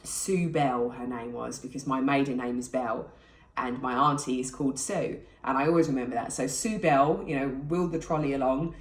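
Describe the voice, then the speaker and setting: A woman's voice: rumbling low, moderate pace, recorded from a distance. A British woman in her thirties, candidly and emotionally retelling a personal experience to camera. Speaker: vlogger. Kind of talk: personal storytelling. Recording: echoey room.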